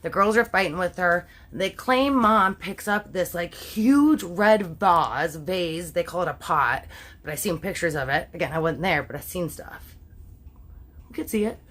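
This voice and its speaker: A woman's voice: lowish voice, normal speed, bright, forceful tone. A woman telling a crime story in a chatty, casual way. She swears often and then corrects herself. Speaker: storytime host.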